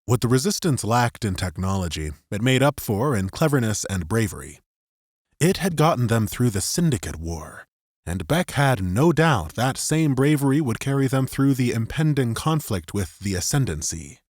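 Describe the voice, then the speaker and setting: A man narrating a science fiction audiobook in an expressive scripted style, close to the mic. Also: mid-range voice, normal speed, no room sound.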